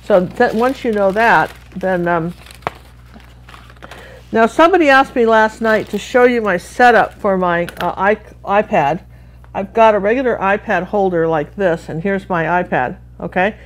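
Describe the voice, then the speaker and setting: A middle-aged art instructor from Washington State, USA, leads a live painting lesson in a medium-pitched voice at a measured pace. She's chatty and rambling, full of friendly asides.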